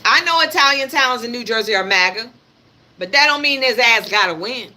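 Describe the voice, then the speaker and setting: A woman livestreams pointed political commentary, speaking a little fast in a fairly high, pushed, bright voice with lively intonation. She swears freely, repeats her points and talks right at her audience.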